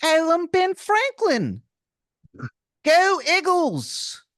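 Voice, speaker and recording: A man's voice: wildly swooping pitch, fairly bright tone, dry recording, studio quality, full character voice. A man putting on a Ben Franklin voice with a broad Philadelphia accent in an improv comedy bit. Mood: goofy. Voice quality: high, drawn-out, exaggerated.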